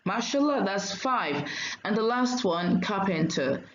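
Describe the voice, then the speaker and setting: A woman teacher giving a diction lesson, saying each word slowly and clearly and repeating it for learners. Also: medium pitch, animated, roomy sound, dull audio, a little hiss or hum.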